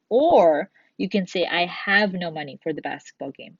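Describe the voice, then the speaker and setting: A woman's voice: on the low side, animated, moderate pace, hardly any pauses, no echo, lo-fi sound. Woman, teacher, recorded grammar lesson, patient step-by-step explaining, dry close sound. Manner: patient, explains step by step, reads examples aloud.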